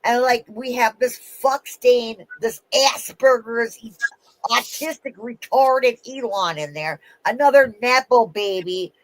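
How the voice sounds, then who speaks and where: High-voiced woman in a profane rant. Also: low-quality recording. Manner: profane, swearing heavily; fast restarts and trailing-off sentences. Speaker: vlogger. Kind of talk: angry casual rant.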